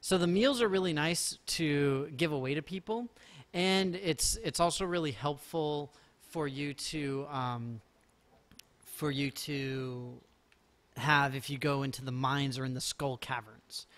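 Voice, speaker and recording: Male streamer, slightly high voice, rambling chatter, self-mocking jokes, casual live commentary. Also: measured pace, a bit bright. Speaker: game streamer.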